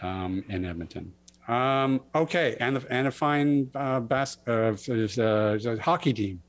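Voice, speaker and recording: A man's voice: mid-range voice, slow pace, no room sound. A man hosting a podcast, playful and teasing in casual banter with his co-hosts. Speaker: podcast host.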